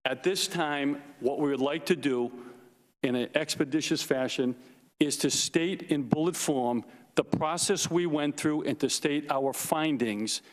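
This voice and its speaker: A man, a forensic investigator, giving prepared testimony at a hearing, slow and emphatic, repeating his points for weight. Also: fairly high pitch. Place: large hearing room. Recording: long reverb of a hearing room.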